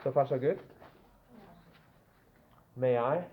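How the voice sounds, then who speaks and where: A man's voice: mid-range voice, takes it slowly. A man gives a grammar lesson to a classroom, often stopping to check in with the students. The sound is echoey and phone-like, with a faint hiss under his voice. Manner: checks in with the class, frequent "yeah?". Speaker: teacher.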